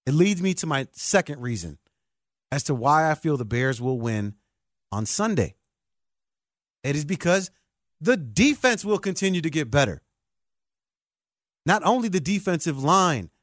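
A man hosting a sports talk show, excitable and emphatic like a hyped fan. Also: on the high side, dry recording, studio quality. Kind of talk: animated sports podcast talk.

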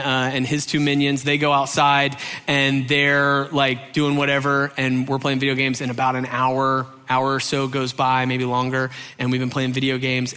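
Bright-voiced guy doing a funny story, jumps high when he acts out quotes, big echoey hall. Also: smooth. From Georgia, USA. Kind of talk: comic storytelling. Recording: long hall reverb.

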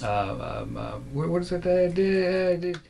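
A man hosting a casual podcast chat about superhero shows, animated, often laughing and trailing off into fillers. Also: high-pitched, normal speed, creaky, background noise. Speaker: podcast host.

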